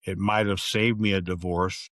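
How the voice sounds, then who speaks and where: A man's voice: deep voice, little pitch movement, moderate pace, fairly bright tone, no echo, studio quality. An older man, a guest in a faith-based conversation, reflecting candidly and with regret.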